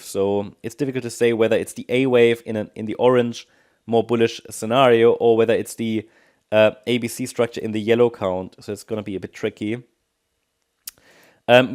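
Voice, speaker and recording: A man walks through a market chart in a relaxed, unscripted way. He talks at a medium pitch, hesitating with ums and correcting himself as he works through his points. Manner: thinking aloud with many ums and restarts. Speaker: market analyst. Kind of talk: technical analysis commentary.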